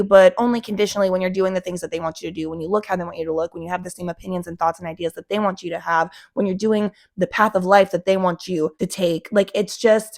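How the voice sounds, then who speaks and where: A young woman talks in a loose, candid way on her home vlog, with a middle pitch and an easy flow. She peppers her speech with "like" and tosses in the odd casual swear. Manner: chatty, candid, swears casually, many "like" fillers. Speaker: cannabis vlogger. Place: at home with a dog in her lap.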